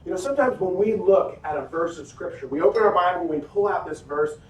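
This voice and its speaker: A pastor telling a lively personal story in a sermon, acting out his own quotes. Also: sits high, quick pace, recorded from a distance. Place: church hall. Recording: echoey hall, faint noise.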